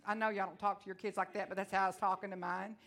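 A woman's voice: mid-range voice, level tone, very fast, fairly bright tone. Woman preaching with storytelling flair. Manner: storytelling, acting out her own dialogue. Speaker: women's ministry speaker. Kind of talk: sermon.

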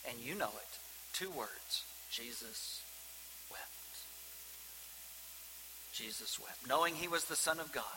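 A man preaching a sermon as pastor, swinging from loud emphasis to hushed, near-whispered lines. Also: high voice. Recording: reverberant hall with faint hiss.

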